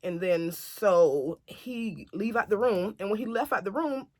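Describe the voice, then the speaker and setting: A woman's voice: medium pitch, unhurried, dry recording, studio quality. Chatty woman telling a family story. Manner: chatty, animated retelling that acts out other people's lines. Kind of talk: casual storytelling to camera.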